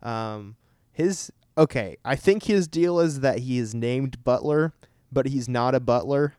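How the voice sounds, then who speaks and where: A man's voice: medium pitch, unhurried, a little mellow, clean tone, no echo, studio quality. A young man co-hosting a podcast, chatting casually in a rambling, joking way. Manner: rambling, laughing, self-deprecating. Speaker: podcast co-host. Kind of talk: casual chat.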